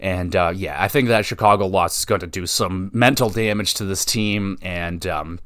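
A man's voice: low-pitched, normal speed, a bit bright, slight background noise. A young man hosting a casual hockey podcast, rambling and cursing in frustration. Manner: frustrated, profane, rambling rant. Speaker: podcast host.

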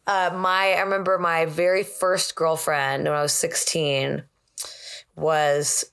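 Woman, 30s, podcast co-host; low-ish voice, candid rambling delivery. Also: level tone, slow pace, vocal fry, fairly bright tone, clean tone. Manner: candid, rambling, many restarts. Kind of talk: casual chat.

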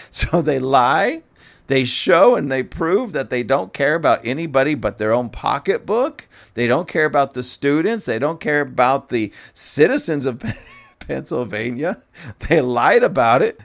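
A man's voice: medium pitch, lively intonation, moderate pace, gravelly. A man hosting casual political commentary, speaking to his audience, mocking and keeps breaking into laughter.

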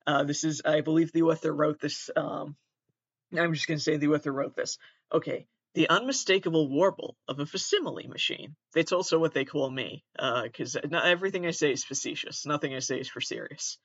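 A man's voice: on the high side, fairly even intonation, fairly quick, husky, no room sound, highs cut off. A man with a Midwestern accent hosting his own podcast, reading aloud in a casual comedic way and often breaking into giggles and apologies. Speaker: podcast host.

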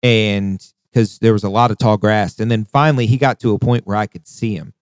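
A man hosting a casual podcast, cursing often and reliving a hunting trip in a lively, laughing way. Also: on the low side, brisk, no room sound. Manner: profane, animated retelling with acted quotes. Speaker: podcast host. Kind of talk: casual storytelling chat.

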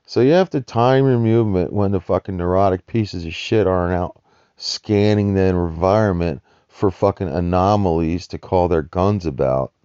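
A man's voice: sits low, mellow, smooth, dry recording, dull audio. A man ranting in a rambling, profane monologue about life as a nomadic homeless person. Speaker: vlogger describing homeless life.

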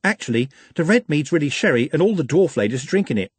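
A young shop girl, sliding up into a high and lively register, sounds apologetic and a touch hopeless, as a man puts her on. Her voice keeps a husky grain in a dry close space. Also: fast talker, dry recording. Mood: confiding. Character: young woman serving drinks, apologetic, hopeless.

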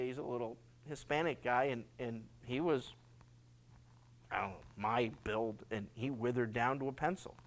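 A man's voice: high-pitched, a bit bright. A man preaches with earnest conviction, circling back on his words when he stresses a point. He slips into the voices of people praying or making excuses, then returns to teaching. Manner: acts out quoted prayers and excuses. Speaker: pastor. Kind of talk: sermon.

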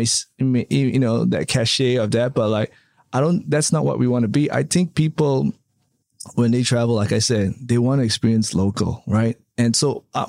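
A man's voice: medium pitch, gravelly, a little mellow, dry recording, studio quality. A man being interviewed in a casual chat, rambling with many fillers and tag questions. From Canada. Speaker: interview guest, hotel developer.

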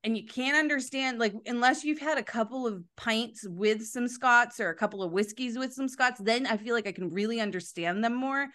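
A woman hosting a casual interview, effusive and animated, gushing often as she chats with her guest. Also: on the high side. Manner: effusive, animated, quick to gush. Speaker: host.

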